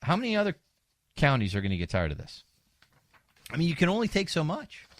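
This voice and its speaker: A man hosting a talk radio show as a fill-in, delivering an animated, sarcastic monologue into a studio microphone. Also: fairly high pitch, fairly quick. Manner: animated, sarcastic, mocks opponents.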